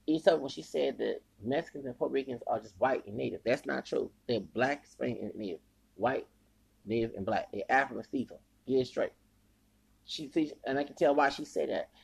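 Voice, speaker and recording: A man's voice: medium pitch, gravelly, darkish tone, husky, low-quality recording. A man hosting a podcast, giving heated, rambling commentary with frequent stumbles and repeated words. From United States. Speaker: podcast host. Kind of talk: ranting commentary.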